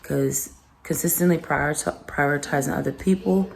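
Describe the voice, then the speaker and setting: A young woman talking earnestly and reflectively in a personal vlog, pausing and restarting as she speaks. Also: low-pitched, vocal fry, a little hiss or hum. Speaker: vlogger.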